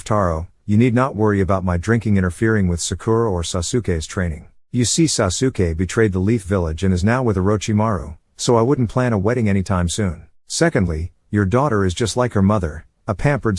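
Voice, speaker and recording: A man voicing a cold, level-headed ninja teacher who speaks in a flat monotone. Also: lowish voice, no echo, clean studio sound, lightly acted. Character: calm masked male ninja teacher, cold.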